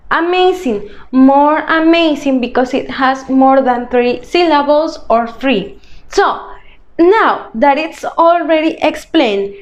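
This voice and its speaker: A woman's voice: high voice, dull audio. A woman teacher, patiently explaining a grammar lesson step by step, often checking in with "okay?". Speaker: English teacher. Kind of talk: recorded grade-school grammar lesson.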